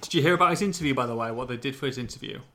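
A man's voice: mid-range voice, racing, sharp tone. A man hosting a casual football podcast, chatty and joking as he tells stories. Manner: chatty, joking, often laughing while telling stories. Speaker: podcast host.

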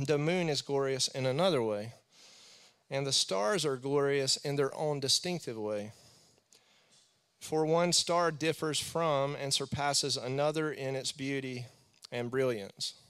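Bright, smooth-voiced chatty preacher man. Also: mid-range voice, unhurried. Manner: chatty, rambling, jokey with acted asides. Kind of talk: casual sermon.

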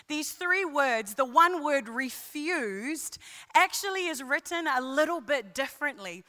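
A woman preacher giving an emphatic sermon, repeating key phrases and building to passionate shouting. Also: high voice. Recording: long hall reverb.

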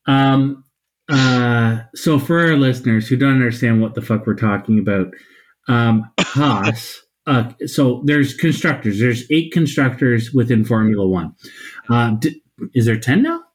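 A man's voice: medium pitch, unhurried, poor audio. A man co-hosting a casual podcast chat, loose and rambling after a few drinks. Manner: loose and rambling, says he has been drinking. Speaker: podcast co-host.

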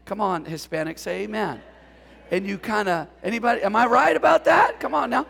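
A man preaching a lively sermon in a church, calling on the congregation to respond and mixing in jokes. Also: high-pitched, a little fast, vocal fry, husky, long reverb tail. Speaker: pastor. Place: church sanctuary.

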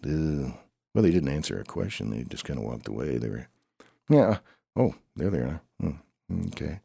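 A man's voice: extremely low pitch, big pitch swings, normal speed, creaky, mellow, slightly rough, no room sound, clean studio sound. A man improvising a comic story as he goes, grumbling, sighing and answering himself in a back-and-forth. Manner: grumbling, sighing, talks to himself in two alternating voices.

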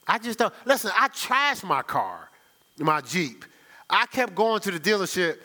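A man's voice: high-pitched, sing-song, a little slow, pushed and bright. A middle-aged man preaching a sermon as pastor, conversational and teasing his congregation.

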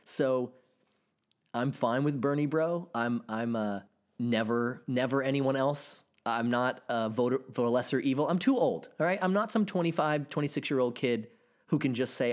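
A man's voice: medium pitch, moderate pace. A man in his thirties hosting a solo podcast, ranting and swearing as he reacts to online posts. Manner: animated, profane ranting. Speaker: podcast host.

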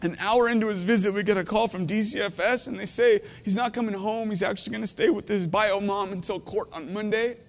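A man in his thirties preaching a heartfelt sermon, tearful, his voice swinging between hushed and intense. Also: high-pitched, steady tone, fairly quick, few pauses, big-room sound. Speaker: pastor. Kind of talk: emotional sermon.

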